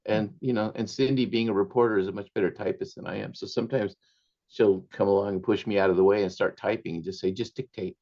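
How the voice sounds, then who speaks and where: Gravelly, a little mellow and lowish, the voice belongs to an older author telling family anecdotes as an interview guest, laughing often and using Spanish phrases. He talks fast with fairly even intonation, and the highs are cut off.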